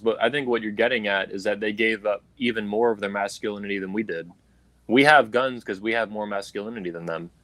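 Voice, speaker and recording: A man's voice: lowish voice, fairly bright tone, no echo. A man hosting a livestream, delivering a heated, profane political rant in an angry, emphatic way over a video call. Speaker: livestream host. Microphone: video call stream.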